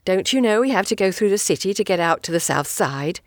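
A woman voicing a gentle but unbending young man who speaks soothingly and decisively. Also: mid-range voice, lively intonation, a little fast, no room sound, clean studio sound, natural voice.

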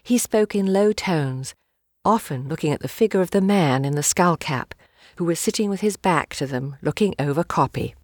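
Low-voiced woman reading a novel. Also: lively intonation, dry recording, clean studio sound. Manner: measured storytelling, gently acting out dialogue. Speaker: audiobook narrator. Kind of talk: scripted narration of a novel.

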